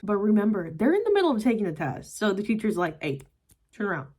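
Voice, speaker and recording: A woman's voice: mid-range voice, sing-song, fast, darkish tone, breathy edge. A young woman casually reviewing a manga, retelling the plot in a chatty way full of "like" and "yada yada". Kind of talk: casual book review vlog.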